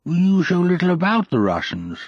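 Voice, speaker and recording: A man's voice: sits high, very animated, brisk, husky, no room sound, exaggerated voice. A man doing a slurring posh British officer. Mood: wistful. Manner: slurred, plummy. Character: upper-class British officer, slurry speech. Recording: muffled lo-fi audiobook clip.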